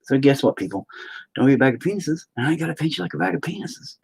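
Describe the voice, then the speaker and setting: A man's voice: fairly high pitch, lively intonation, quick pace, creaky, darkish tone, slightly rough, rough recording. A man chatting casually and crudely while he paints, rambling and joking with lots of swearing. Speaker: painter streaming his work.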